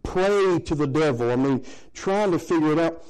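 Folksy middle-aged preacher, higher voice. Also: male voice, expressive, normal speed, darkish tone, clean tone, low-quality recording. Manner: folksy, conversational preaching with laughs. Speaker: pastor. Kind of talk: sermon.

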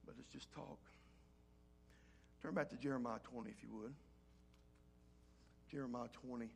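A man preaching a sermon as pastor, reading scripture aloud and swinging between loud rises and soft, low drops. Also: fairly even intonation, moderate pace, vocal fry, soft background music. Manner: reads scripture in old-fashioned wording.

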